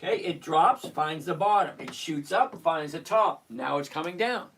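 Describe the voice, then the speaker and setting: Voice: mid-range voice, expressive, moderate pace, fairly bright tone, slight background noise. Blunt live-stream trading host. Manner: blunt, repetitive, lecturing tone; mildly profane, exasperated asides. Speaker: stock trading livestream host. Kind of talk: casual live-stream chat answering viewers.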